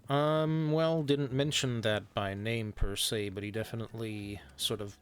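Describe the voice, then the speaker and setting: A man's voice: lowish voice, steady tone, unhurried. A man in an in-character western roleplay, telling a story in a hesitant way with many fillers. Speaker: roleplay streamer.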